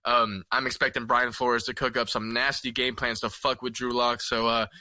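A man co-hosting a casual sports chat, thinking out loud in a calm, measured way with plenty of fillers. His mid-pitched voice is sharp and forceful, and the recording is close and dry with no room sound. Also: no room sound. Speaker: podcast co-host.

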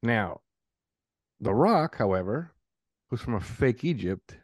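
Co-host guy, really lively up and down voice, opinionated, dry sound. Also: fairly low pitch, takes it slowly, no room sound. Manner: animated, opinionated. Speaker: podcast co-host. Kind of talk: casual chat.

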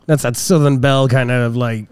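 A man's voice: mid-range voice, fairly even intonation, moderate pace, a little mellow, clear, resonant tone, no room sound. A man co-hosting a podcast, joking around in playful casual banter and laughing often. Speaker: podcast co-host.

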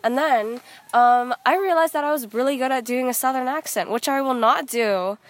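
A woman's voice: high voice, moderate pace. A teenage girl co-hosting a podcast, chatting casually with friends, rambling and giggling with lots of fillers. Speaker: podcast co-host. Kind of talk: casual chat among friends.

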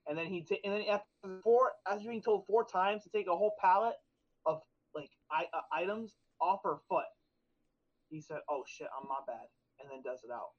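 A young man with a high-pitched voice speaks fairly quickly as he co-hosts a podcast. In casual chat, he tells stories in a rambling way, with lots of fillers and restarts. The recording has a dull lo-fi sound.

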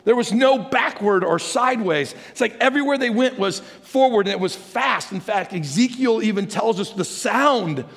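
A man preaching a conversational sermon as pastor, animated and chatty, asking the congregation questions. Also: sits high, moderate pace, vocal fry, hardly any pauses. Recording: long hall reverb.

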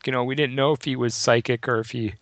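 A man with a gravelly, fry-laden voice chatting on a podcast. He sounds relaxed and agreeable, working through his thoughts aloud. The recording is dry and close. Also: medium pitch, quick pace, dry recording. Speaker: podcast co-host. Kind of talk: casual chat.

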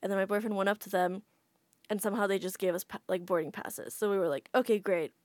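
A woman's voice: medium pitch, steady tone, fast, darkish tone, dry recording. A woman guest on a podcast, telling a travel story in a chatty way with a lot of "like" fillers. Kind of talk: casual storytelling.

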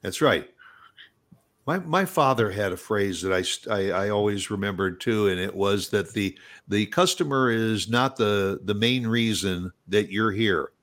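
A man's voice: fairly low pitch, a bit bright. Male talk host, easygoing, stop-start delivery. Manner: agreeable, halting restarts. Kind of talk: casual chat.

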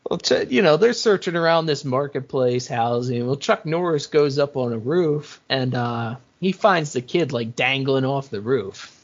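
A man co-hosting a podcast, casually recapping a movie and acting out its lines in an animated way. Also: mid-range voice, normal speed, hardly any pauses. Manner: animated, retells scenes with quoted lines and laughs. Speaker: podcast co-host. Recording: muffled lo-fi audio.

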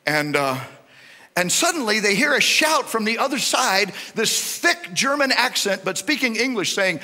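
A male pastor preaching a sermon with animated, rising and falling emphasis. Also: high voice, measured pace. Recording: reverberant hall.

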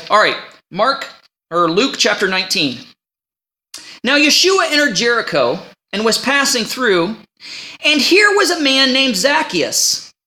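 A male pastor delivers a sermon with a pitch that swings high and low. His tone is bright and forward, and he talks in a folksy way, pausing to check on his listeners. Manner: animated, folksy, checks in with the congregation.

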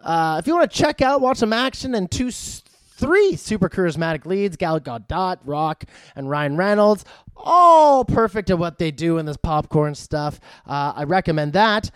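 A man's voice: sits high, very animated, normal speed, smooth, no room sound, studio quality. A man from Canada gives a casual, rambling movie review. He uses lots of fillers and swears in passing. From Vancouver, Canada.

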